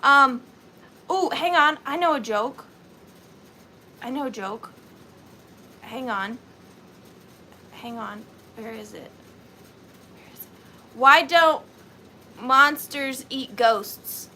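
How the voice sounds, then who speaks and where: A woman's voice: high-pitched, lively intonation, slow pace, long pauses, bright, forceful tone, a little hiss or hum. A woman with a Southern US accent hosting a livestream, chatting sweetly with viewers and greeting them by name. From Georgia, US. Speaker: livestream host.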